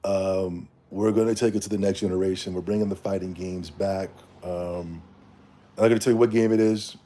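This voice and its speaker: A man's voice: low voice, fairly even intonation, a little fast, warm tone, a little hiss or hum. A man hosting a casual livestream, ranting bluntly in slangy talk and reading the chat. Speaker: streamer.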